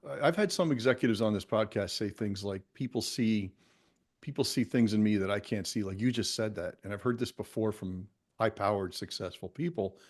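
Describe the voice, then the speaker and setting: A man's voice: lowish voice, a little fast, a little mellow. A man hosting a podcast interview, asking encouraging, probing questions. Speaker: podcast host.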